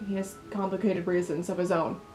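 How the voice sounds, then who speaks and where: Woman doing a stern, low-voiced young man. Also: level tone, brisk, darkish tone, soft background music, lightly acted, rough recording. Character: stern caring young man, love interest.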